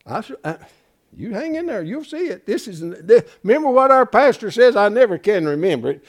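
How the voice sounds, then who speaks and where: A middle-aged man preaching a sermon, folksy and emphatic, dropping from loud declarations to hushed asides. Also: sits high, sing-song, normal speed, long pauses.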